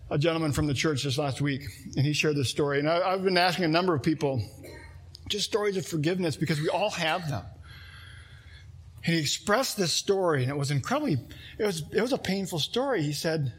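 A pastor with a slightly rough voice on the high side preaches a sermon in an earnest, conversational manner. He works through an example using a volunteer as a live illustration.

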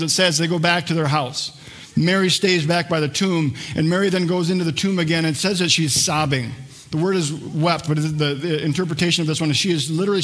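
Middle-aged male pastor, slightly high voice, lively storytelling sermon delivery. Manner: storytelling, acts out quoted lines in a lower, slower voice.

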